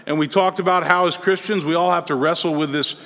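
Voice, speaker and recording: High-voiced male pastor preaching in a hall. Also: steady tone, fairly bright tone. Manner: earnest, measured preaching with pauses. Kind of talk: sermon. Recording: long reverb in a large hall.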